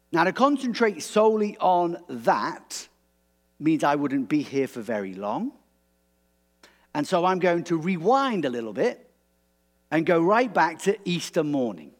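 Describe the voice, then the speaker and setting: A man preaching a sermon in a relaxed, conversational way, animated and prone to restarts. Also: a little high.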